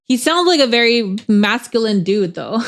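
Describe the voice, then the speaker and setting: A woman's voice: fairly high pitch, very animated, moderate pace, faint music behind. A woman streamer in casual chat, rambling and chatty, laughing often with lots of filler words.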